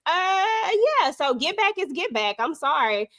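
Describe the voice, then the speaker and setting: A woman leads a live online panel in a relaxed, slangy way. Her voice sits on the high side, and she sounds expressive and talks straight. She comes through a video call. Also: a little slow. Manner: slangy, expressive, keeps it real. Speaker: panel host. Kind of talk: casual chat about a TV episode.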